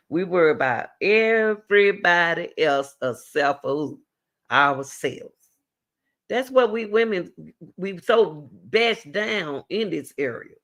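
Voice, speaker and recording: A woman's voice: on the low side, fairly bright tone. A middle-aged woman hosting a talk show, giving blunt, emphatic advice and repeating her key words. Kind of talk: direct advice talk to a caller.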